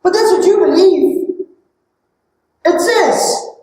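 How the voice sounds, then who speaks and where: Woman preacher, sermon, high voice, questioning and emphatic, very echoey room, far from the mic. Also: slow, darkish tone. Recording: very echoey hall, distant mic.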